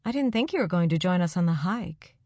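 Teasing teenage girl read by a woman, wry, slightly low voice, dry sound. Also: expressive, a little fast, mellow, dry recording. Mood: cheerful.

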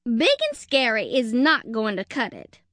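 Woman playing a tough little chick sleuth, blunt, bossy, firm, slightly louder, storybook voice. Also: fairly high pitch, very animated, unhurried, no echo. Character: tough, no-nonsense little chick detective girl.

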